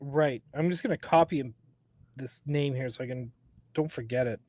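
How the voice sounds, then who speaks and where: A man's voice: medium pitch, moderate pace, darkish tone, no echo, clean studio sound. A man co-hosting a casual podcast, laughing often and reading wiki entries aloud. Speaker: podcast co-host. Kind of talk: casual chat while browsing a wiki.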